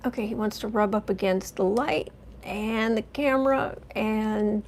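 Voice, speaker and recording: A woman hosting a tarot channel chats casually and ramblingly during a live stream, cooing softly to her cat now and then. Her mid-range voice is a little slow, with a bit of hiss or hum in the background.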